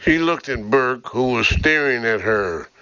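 Guy narrating an audiobook, bright voice, kinda muffled lofi audio. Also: medium pitch, expressive, unhurried, clear, resonant tone, no echo. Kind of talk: scripted narration. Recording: dull lo-fi recording.

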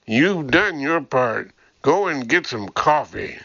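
A man voicing a jovial, teasing tough older man with a gruff manner, in a dull lo-fi recording. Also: mid-range voice, lively intonation, slow, a bit bright, no room sound, full character voice.

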